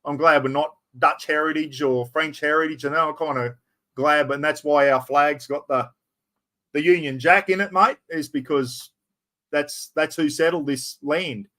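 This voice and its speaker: Chatty Australian man, slightly high voice. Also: steady tone, unhurried, sharp tone. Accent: North Queensland Australian. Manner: chatty, rambling, slangy. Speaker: livestream host. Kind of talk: casual chat.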